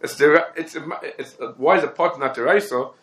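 A man's voice: fairly high pitch, a bit bright. Man giving an echoey Talmudic lecture. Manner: rapid, question-and-answer reasoning. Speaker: Torah teacher.

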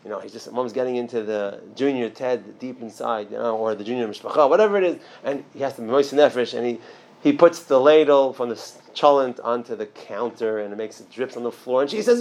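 A man gives an informal religious lesson in an everyday mid-range voice. He talks off the cuff, restarting phrases and adding asides. He pushes his voice higher and louder whenever he drives a point home. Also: a little fast. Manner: emphatic, jumps up in pitch and loudness to stress points; conversational with frequent restarts and asides. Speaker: religious teacher. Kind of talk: informal Torah class.

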